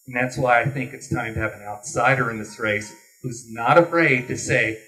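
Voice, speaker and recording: A man's voice: mid-range voice, normal speed, pushed and bright. A man running for governor, giving a folksy, earnest closing statement at a candidates forum. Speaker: political candidate. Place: meeting hall forum. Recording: distant room mic.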